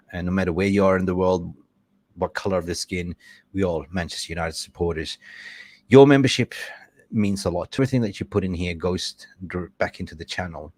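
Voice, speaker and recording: A man's voice: low voice, no room sound. A man hosting a live stream, talking in a casual, effusive and rambling way. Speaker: livestream host.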